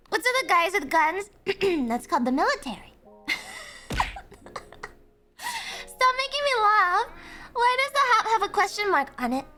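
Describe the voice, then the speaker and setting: A very high, bright-sounding Irish woman chats on a live stream, giggling often and trading quick, cheeky banter with her viewers. She swears freely and keeps a loose, playful tour-guide act going. Soft music hums faintly underneath. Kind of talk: casual live-stream chat.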